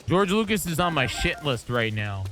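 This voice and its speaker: A man's voice: on the high side, very animated, moderate pace, a bit bright, slight background noise. A man streaming live, chatting casually and rambling through his thoughts with frequent restarts. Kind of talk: casual chat.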